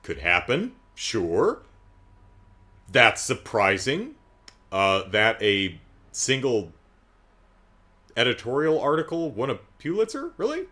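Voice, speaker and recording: A man's voice: mid-range voice, huge pitch swings, slow, long pauses, bright, forceful tone. A man giving a casual, comedic movie recap in a sarcastic, incredulous way, rambling with asides. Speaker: movie reviewer.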